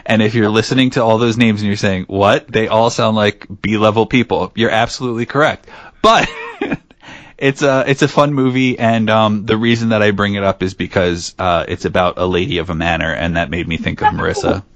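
A man's voice: on the low side, fairly even intonation, fairly quick, fairly bright tone, no room sound. A man co-hosting a podcast, chatting casually and joking as he rambles. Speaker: podcast co-host.

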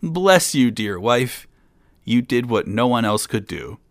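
A man's voice: lowish voice, expressive, normal speed, gravelly, no echo, studio quality, voice pushed up. A man voicing a brave, naive young man who cannot learn to shudder, in an eager, cheeky way. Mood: startled.

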